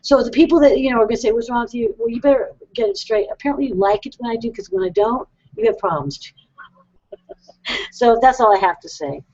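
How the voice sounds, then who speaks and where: A woman's voice: a little high, fast talker, darkish tone. A woman hosting a call-in psychic show, rambling and self-deprecating, laughing often as she talks. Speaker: psychic radio host. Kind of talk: casual call-in show chat. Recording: dull lo-fi web broadcast.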